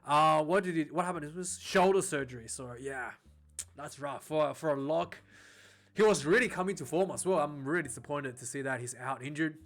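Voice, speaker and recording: A man's voice: fairly high pitch, a little fast, a bit bright, soft background music. A man hosting a casual rugby news vlog, rambling, with frequent restarts and repeated words.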